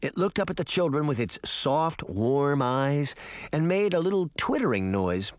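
A man reading a storybook aloud with an expressive delivery. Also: a little high, moderate pace, no room sound, clean studio sound. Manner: animated, expressive. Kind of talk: storybook narration.

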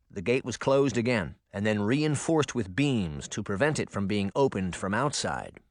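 Male audiobook narrator with an animated, expressive delivery and a dry close-mic sound. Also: medium pitch, no echo. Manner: expressive, lively reading. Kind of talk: scripted storybook narration.

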